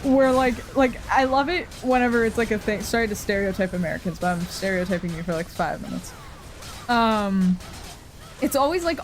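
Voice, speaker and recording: Rambling, foul-mouthed woman streamer. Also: on the high side. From Canada. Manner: rambling, profane, frequent laughs. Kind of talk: casual game-stream chat.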